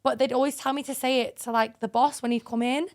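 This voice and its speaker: Animated, swearing woman. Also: sits high, fast. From England. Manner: animated, swearing, laughing storyteller. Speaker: podcast co-host. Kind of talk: casual chat.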